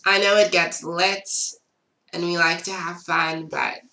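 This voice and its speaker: Gravelly, bright-voiced young woman telling a story. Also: on the low side, flat delivery, unhurried. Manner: chatty, frequent "like" fillers. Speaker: vlogger. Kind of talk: storytime vlog, casual chat. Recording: roomy echo.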